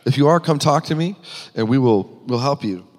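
A man's voice: mid-range voice, lively intonation, normal speed, a little mellow. Man preaching in a reverberant hall. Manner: earnest, rising with emphasis, frequent restarts. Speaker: pastor. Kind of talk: sermon.

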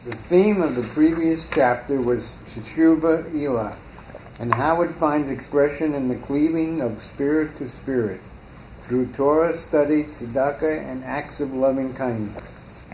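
Male reader, measured text reading, roomy echo, faint background noise. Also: mid-range voice, a little mellow.

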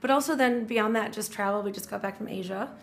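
Middle-aged woman, podcast guest, talkative and enthusiastic, mid-pitched voice. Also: quick pace. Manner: chatty, restarts often, enthusiastic. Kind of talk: casual podcast conversation.

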